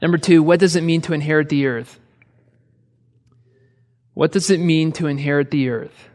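A man's voice: on the high side, steady tone, moderate pace, a little mellow. A man from the American Midwest preaching a sermon as pastor, conversational, with repeated rhetorical questions and touches of humor. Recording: reverberant hall.

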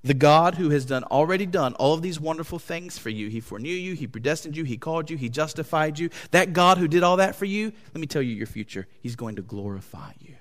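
A pastor preaching a sermon to his congregation, with an impassioned delivery that swings between loud, high emphasis and quiet, low tones. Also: lively intonation, fast, few pauses. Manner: impassioned preaching with wide swings in pitch and loudness. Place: church hall. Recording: long hall reverb.

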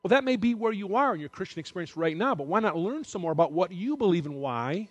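A man's voice: high voice, very animated, fast talker, no echo. A middle-aged man giving a sermon in a candid, conversational way, at times emotional. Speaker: preacher.

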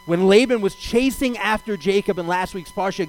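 A man's voice: high voice, moderate pace, few pauses, poor audio. A man preaching a sermon as a rabbi, conversational, asking rhetorical questions and acting out voices from the scripture. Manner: animated, acts out the voices of God and Jacob in paraphrase.

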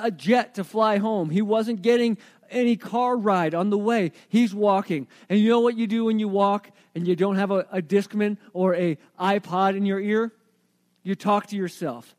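A male preacher with a strikingly high voice delivers a sermon. He retells the story with animated energy, throwing rhetorical questions at his listeners.

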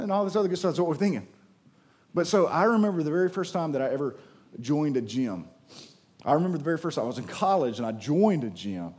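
Animated high-voiced male preacher. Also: quick pace. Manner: animated, conversational, acts out quotes. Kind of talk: sermon.

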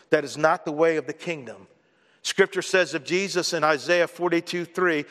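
A man's voice: a little high, normal speed, a bit bright. A male pastor preaching a sermon in a conversational, storytelling way, now and then imitating others in a raised voice. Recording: long hall reverb.

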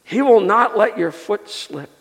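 A male pastor preaching a sermon and telling a personal story, earnest, building up and softening by turns. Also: high-pitched, lively intonation, unhurried. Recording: long reverb of a large hall.

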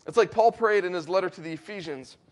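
A man with a high, light voice delivers a sermon. He preaches with earnest conviction, building to emphatic high points and slowing down on the words he wants to land. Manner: earnest preaching, rising emphatic peaks, slows for weight. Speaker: pastor.

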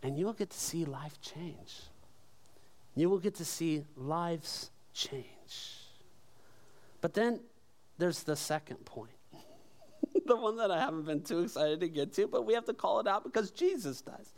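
Pastor, male, high voice, conversational yet emphatic preaching style. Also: expressive, measured pace. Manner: conversational and emphatic, with rhetorical questions. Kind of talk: sermon.

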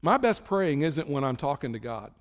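A man's voice: on the high side, sing-song, normal speed, long reverb tail. A man preaching a sermon in a conversational way, acting out prayers and imagined talks with God. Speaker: pastor.

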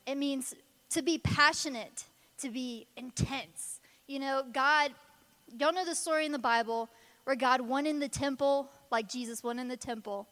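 A woman's voice: high voice, bright, forceful tone, in a large hall. A woman preaching a sermon in an emphatic, conversational way.

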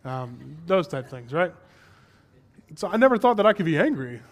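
Man, young, preacher, high-pitched voice, candid conversational sermon, builds to emphatic points. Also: sing-song, moderate pace.

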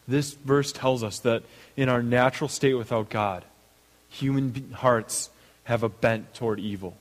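A man's voice: medium pitch, fairly even intonation, measured pace, long reverb tail, low-quality recording. A man preaching a sermon, moving from a told story into reading scripture. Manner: storytelling with acted voices, then reading scripture. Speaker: pastor. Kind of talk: sermon with an opening joke.

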